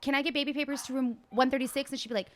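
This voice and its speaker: A woman's voice: high voice, steady tone, rapid-fire, a little hiss or hum. A young woman, a podcast guest and hospital worker, telling crude, joking stories in casual chat. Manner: joking, self-described vulgar storyteller.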